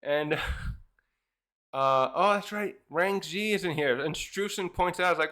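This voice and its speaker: A man's voice: fairly high pitch, takes it slowly, bright, forceful tone. A man casually reviewing a comic chapter, rambling with many fillers and restarts. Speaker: manga reviewer.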